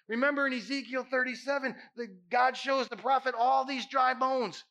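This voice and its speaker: A man's voice: extremely high pitch, fairly even intonation, normal speed, bright, forceful tone. A man preaching as a pastor, impassioned and emphatic, repeating phrases for effect. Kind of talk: sermon.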